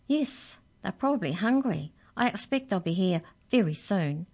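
A woman's voice: medium pitch, animated, normal speed, darkish tone, breathy edge. A woman voicing a small, cheerful female mouse who is really the tooth fairy, breezy and unbothered in a children's storybook reading.

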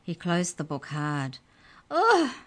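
A woman reads a children's story aloud with slow, expressive narration. Her voice is low and unhurried.

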